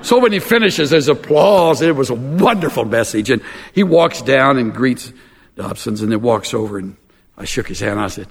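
A pastor preaching a sermon in a folksy, animated way with self-mocking humor. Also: male voice, mid-range voice, normal speed, vocal fry, slightly rough, in a large hall.

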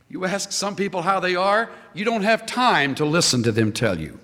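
A man preaching a sermon as pastor, emphatic and lively, quoting scripture. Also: sits high, normal speed, hardly any pauses, long reverb tail.

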